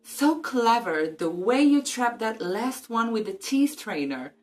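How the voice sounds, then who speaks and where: A woman's voice: lowish voice, animated, normal speed, pitched above the performer's own voice, natural voice. A woman reading aloud and voicing a twelve-year-old schoolgirl who stammers nervously and is eager to please.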